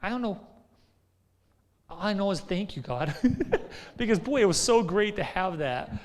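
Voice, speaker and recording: A man's voice: sits high, lively intonation, unhurried. Pastor guy telling stories from the pulpit, keeps saying right?, big echoey hall. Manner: conversational, storytelling, frequent "right?". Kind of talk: sermon. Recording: long hall reverb.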